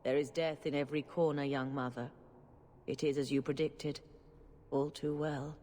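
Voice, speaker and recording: An actress playing a calm, wise older church leader in a video game, speaking in a measured, gently authoritative way. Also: female voice, low-pitched, close to an everyday voice. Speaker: grand cleric character. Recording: long reverb with faint noise.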